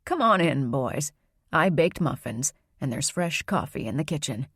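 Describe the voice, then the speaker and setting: A woman voicing a calm, secretive grandmother who speaks in a soft, low, soothing way. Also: moderate pace, breathy edge, no echo, studio quality, full character voice.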